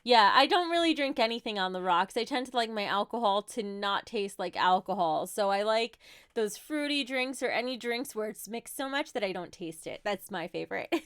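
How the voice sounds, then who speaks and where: A woman's voice: fairly high pitch, expressive, moderate pace, a bit bright, clear, resonant tone, dry recording, clean studio sound. A woman in her thirties with a New Jersey accent, chatting casually on a livestream as she answers viewer questions with light laughs. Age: 30s.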